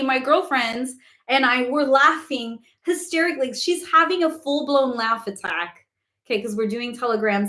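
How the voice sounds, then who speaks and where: A woman's voice: a little high, fairly bright tone, echoey room. Chatty woman hosting a live stream. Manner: chatty, says "like" often, laughs easily. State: voice going hoarse from talking for hours. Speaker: host of a spiritual live Q&A. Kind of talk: casual live-stream chat.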